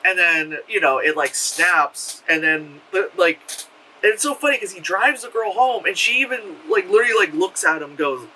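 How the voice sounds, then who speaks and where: A man's voice: high-pitched, normal speed, far from the mic, slight background noise, low-quality recording. A man giving a casual, rambling film review, filled with "like" and casual swearing. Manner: rambling and animated, heavy on "like", swears freely. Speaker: movie reviewer.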